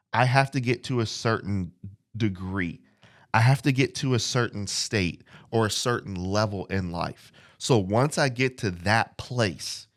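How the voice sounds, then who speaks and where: A man preaching a casual podcast sermon into a mic, earnest and reflective, repeating phrases and reading scripture slowly. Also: lowish voice. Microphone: studio mic.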